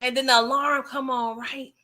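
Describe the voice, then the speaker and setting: A woman hosting a casual late-night livestream, reading chat comments aloud, animated and laughing often, with a slangy, playful manner. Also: sits high, normal speed.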